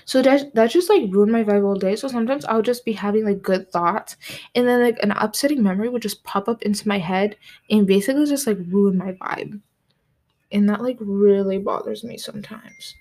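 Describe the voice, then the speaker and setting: A woman's voice: medium pitch, fairly quick, a little mellow. A teenage girl from the United States hosting her own podcast from her desk at home, rambling casually with lots of "like" fillers. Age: late teens. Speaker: podcast host. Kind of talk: casual solo podcast talk.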